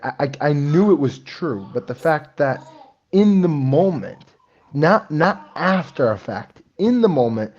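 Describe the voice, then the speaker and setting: Man, podcast host, earnest, halting restarts, slightly muffled recording. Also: medium pitch, a little mellow. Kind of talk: casual conversation. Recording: slightly dull lo-fi sound.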